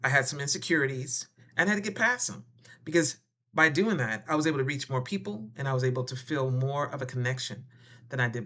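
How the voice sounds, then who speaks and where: In a medium-pitched voice, a wellness vlogger hands out casual relationship advice, playful and animated. She calls viewers darling and honey, uses slang, and acts out little scenes.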